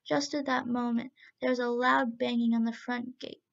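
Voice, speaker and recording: A woman storyteller reading a storybook tale aloud in steady, clear narration. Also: on the high side, moderate pace. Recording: muffled lo-fi recording.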